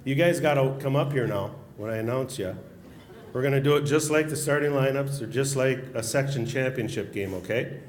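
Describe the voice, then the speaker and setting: A man's voice: medium pitch, a little fast. A middle-aged man with an Upper Midwest American accent, a former hockey announcer telling funny stories at a banquet. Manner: joking anecdotal storyteller. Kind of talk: storytelling speech at a banquet. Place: banquet hall at a social event. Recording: echoey hall, faint room noise.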